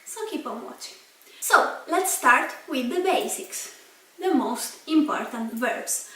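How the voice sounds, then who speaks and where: A young Italian woman with an Italian accent, teaching a language lesson slowly and carefully, repeating each word. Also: high-pitched, fairly bright tone. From Italy. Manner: spells out and repeats words slowly. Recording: echoey room, mic at a distance.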